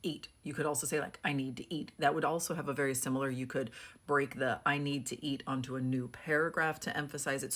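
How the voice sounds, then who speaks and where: A young woman book editor talks through a punctuation lesson in an easygoing, conversational way. She drops frequent "like" fillers as she explains. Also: sits low. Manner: chatty, frequent "like" fillers, reads examples aloud.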